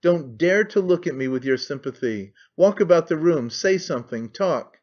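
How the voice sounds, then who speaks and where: A man's voice: a little high, animated, normal speed, a little mellow. A man reading aloud who voices a sick young woman in labour, scornful and in pain, in a dull lo-fi recording. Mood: angry, anguished. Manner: scornful and imperious.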